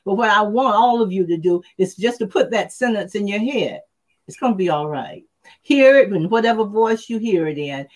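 Older woman podcast host, earnest. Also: mid-range voice. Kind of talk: casual chat.

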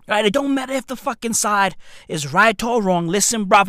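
A man, delivering a profane comedic rant that swings between shouting and muttering. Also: high voice, expressive, normal speed, no echo, clean studio sound. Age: 30s.

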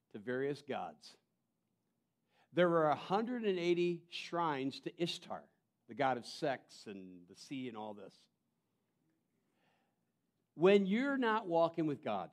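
A man preaching a sermon as pastor, moving between emphatic calls and quiet, intense asides, often repeating and restarting phrases. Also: a little high.

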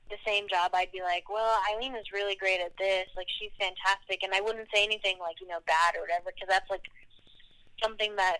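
Woman, guest, casual chat, bright tone, deadpan storytelling. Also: medium pitch, brisk, poor audio.

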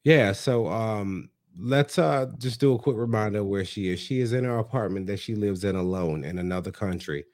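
A man's voice: fairly low pitch, normal speed, few pauses, no room sound, clean studio sound. A man co-hosting a podcast, chatting casually about a reality show and acting out what the people on it said. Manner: animated storytelling, acting out quotes. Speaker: podcast co-host. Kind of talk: casual reality-TV recap chat.

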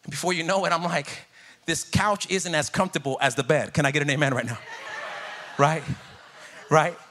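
A man delivers a sermon with a high, bright voice. He talks in a loose, conversational way, jokes with the congregation and calls out for responses. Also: fairly even intonation, brisk, slight background noise. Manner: conversational and jokey, calling out to the congregation. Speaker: pastor.

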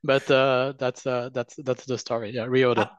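A man's voice: mid-range voice, little pitch movement, normal speed, smooth, no echo. A man with a French accent, a marketing executive speaking as an interview guest, who often repeats words while he searches for phrasing. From France. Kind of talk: business interview. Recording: dry, dull lo-fi call audio.

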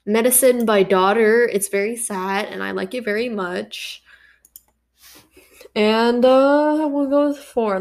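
A woman hosting a solo podcast, chatting casually in a rambling, self-deprecating way. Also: mid-range voice. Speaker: podcast host.

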